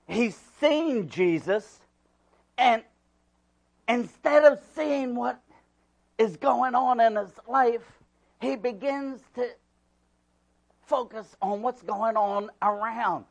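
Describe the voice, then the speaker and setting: A man preaching a sermon as pastor. He swings from hushed asides to loud, emphatic preaching and repeats key words for emphasis. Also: very high voice, takes it slowly, gravelly, long pauses.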